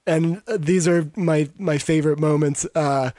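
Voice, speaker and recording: A podcast co-host with a mid-pitched voice, retelling favorite scenes with lively, profane enthusiasm. The delivery is casual and quick to joke. The recording is dry and close to the mic. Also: dry recording. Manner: animated, swears freely, retells scenes with relish. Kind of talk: casual chat, recapping a TV episode.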